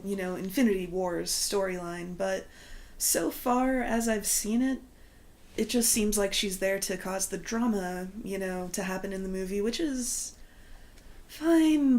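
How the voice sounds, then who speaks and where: Brief: female panelist, mid-pitched, thoughtful and even-paced. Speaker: podcast panelist. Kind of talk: casual film review chat.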